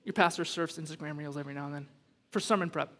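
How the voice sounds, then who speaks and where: A pastor delivers a sermon in a high, bright male voice, telling casual stories and then building to emphatic, rising lines. His voice rings out with long reverb through a church sanctuary. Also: fast. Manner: animated preaching with rising emphasis; conversational storytelling asides.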